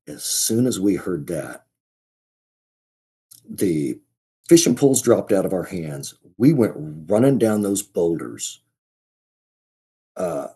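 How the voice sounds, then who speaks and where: A man as a podcast guest, telling a story in a casual, halting way, often restarting and repeating his words. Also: deep voice, mellow, husky.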